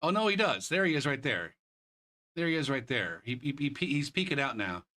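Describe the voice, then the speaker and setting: A man's voice: mid-range voice, very animated, fairly quick. A young man streaming a kart racing game, ranting and swearing about a lost race. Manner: shouts in disbelief at the replay. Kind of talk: casual gaming stream commentary.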